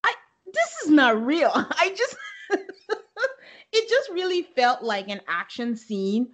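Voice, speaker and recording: A young woman co-hosting a podcast, recapping a reality show in a casual, animated way and acting out quotes with laughs. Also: high-pitched, slow pace. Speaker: podcast co-host.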